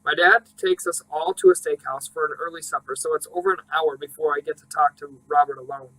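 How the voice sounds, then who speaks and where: Bright-voiced male audiobook narrator. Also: fairly high pitch, vocal fry, low-quality recording. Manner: measured, steady reading.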